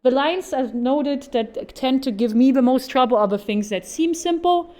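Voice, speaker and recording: A woman's voice: high-pitched, normal speed, dark tone. A woman voice actor giving an informal how-to talk at a convention panel, chatty and upbeat with jokey asides.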